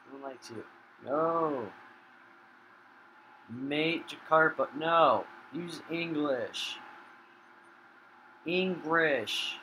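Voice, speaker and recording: A man giving casual gaming commentary while he plays, swearing a lot and flaring into loud rage. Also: on the high side, slight background noise, low-quality recording. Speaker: gamer.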